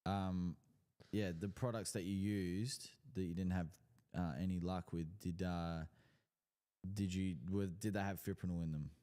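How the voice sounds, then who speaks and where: Low smooth-voiced aussie guy, lots of ums, reading out viewer questions on a live stream. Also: fairly even intonation, normal speed, warm tone. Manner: hesitant, trails off with ums. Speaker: co-host of a lawn care show. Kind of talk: casual live-stream chat.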